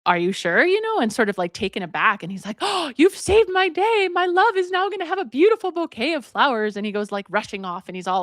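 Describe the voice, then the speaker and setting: A woman's voice: mid-range voice, fairly bright tone, no room sound, studio quality. A woman hosting a livestream, casually retelling a folk tale, often stopping to correct herself. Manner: rambling, self-correcting. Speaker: host.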